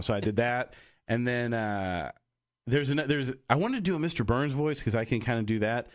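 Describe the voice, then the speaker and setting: Co-hosting a podcast, this young man talks in a loose, rambling way, often restarting and using fillers. He speaks at medium pitch and a moderate pace with an animated delivery, captured dry with clean studio sound.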